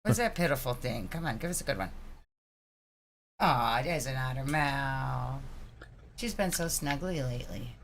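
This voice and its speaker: Deep-voiced teasing woman. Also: lively intonation, a little slow, long pauses, a little hiss or hum. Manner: teasing, blunt. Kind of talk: casual chat.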